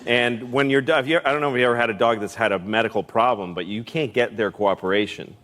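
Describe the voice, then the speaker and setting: A man's voice: medium pitch, quick pace, a bit bright. A man doing stand-up comedy and talk show chat, telling crude, blunt, self-mocking stories.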